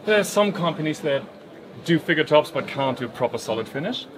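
A man, a guest musician telling stories in relaxed, casual banter. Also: on the high side, a little fast, soft background music. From Germany. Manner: relaxed, storytelling. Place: busy indoor guitar trade show. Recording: loud crowd chatter behind.

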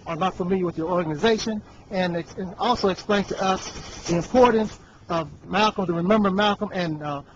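Male host interviewing on location, polite and hesitant, high voice, muffled lo-fi sound. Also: a little hiss or hum. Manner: polite, hesitant, full of 'sir'. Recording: muffled lo-fi recording.

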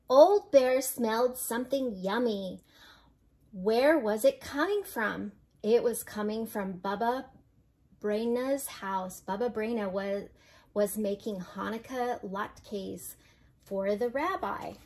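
An older woman, a grandmother, reading a children's picture book aloud in a gentle, unhurried way with small slips and chuckles. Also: a little high. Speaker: storyteller.

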